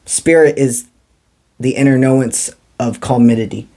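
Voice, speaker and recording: A man delivers a spiritual tarot reading, calm and encouraging in a mystical way. His voice is mellow and warm, at an ordinary male pitch. He drops in casual slang between the spiritual advice. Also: measured pace. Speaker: tarot reader.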